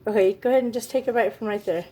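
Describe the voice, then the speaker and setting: A woman's voice: a little high, rapid-fire, mellow. A woman hosting a casual family vlog, gushing and encouraging in a motherly way. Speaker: family vlog host, parent.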